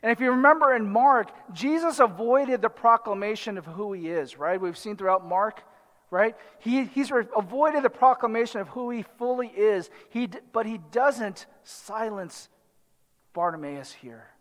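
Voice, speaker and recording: A man preaching a sermon, reading scripture and explaining it in an animated way, acting out the voices of the crowd. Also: high-pitched, normal speed. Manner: animated, dramatizes the crowd and the blind man in quotes. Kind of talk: expository sermon. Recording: long hall reverb.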